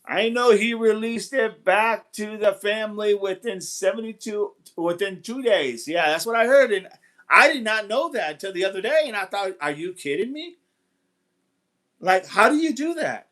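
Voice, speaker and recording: A male livestream host with a high, fairly bright voice talks at a moderate pace. In this casual stream he rambles, repeats himself, reads the chat and greets viewers from it.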